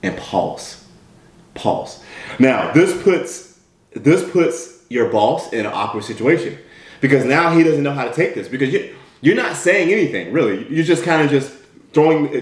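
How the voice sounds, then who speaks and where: Man, motivational talk, direct, repetitive, mid pitch, roomy echo. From United States. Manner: direct, repetitive, keeps asking "right?". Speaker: motivational speaker.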